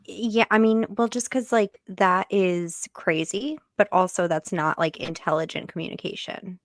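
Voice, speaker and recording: A woman's voice: lowish voice, fairly even intonation, normal speed, no echo. Laughing skeptical young woman, dry close sound. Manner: skeptical, laughs often, many "like" fillers. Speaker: co-host of a reaction channel. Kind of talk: casual reaction chat.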